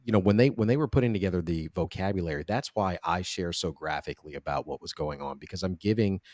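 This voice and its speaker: A man hosting a podcast interview, speaking earnestly in a halting way with many restarts. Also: low-pitched, darkish tone, dry recording, clean studio sound. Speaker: podcast host. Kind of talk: conversational interview.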